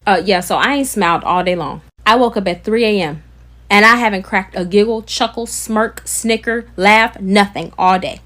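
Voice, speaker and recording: Woman venting, dramatic and fed up, swearing a lot, middle pitch. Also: moderate pace, fairly bright tone, slight background noise. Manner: dramatic, exasperated, profane. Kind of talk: emotional social media rant.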